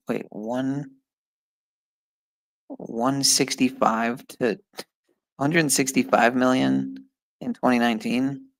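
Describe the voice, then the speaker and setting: On a live stream, a man mutters and swears in frustration while working through an online test and chatting with his viewers. His medium-pitched voice is creaky, and the low-quality recording has no room sound.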